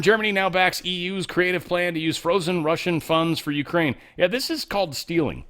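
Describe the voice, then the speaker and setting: A man hosts a casual commentary show, riffing sarcastically on the news. His pitch jumps around animatedly, and he often trails off into quiet mumbled asides before getting loud again. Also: animated, fairly quick. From United States. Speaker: podcast host.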